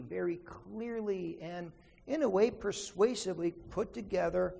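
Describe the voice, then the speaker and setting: A man's voice: high voice, creaky, darkish tone, slightly rough, in a large hall. A man preaching an earnest sermon, telling a story and then teaching from scripture with emphasis. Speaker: pastor.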